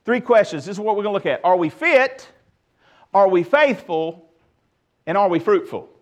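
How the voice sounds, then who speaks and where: A middle-aged man preaching a sermon as pastor, emphatic and lively with touches of humor. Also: high-pitched, moderate pace.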